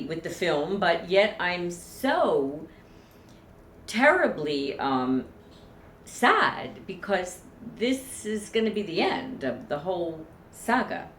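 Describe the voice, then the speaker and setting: A woman with a lowish voice tells a personal memory to camera, heartfelt and emotional. The sound is roomy and echoey, with a faint hum of ambience behind her. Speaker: vlogger.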